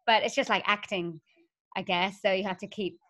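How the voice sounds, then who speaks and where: A woman's voice: mid-range voice, fairly even intonation, moderate pace, fairly bright tone. A young woman from Wales, a voiceover artist and singer, chatting upbeat and laughing often as an interview guest. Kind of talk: casual interview chat.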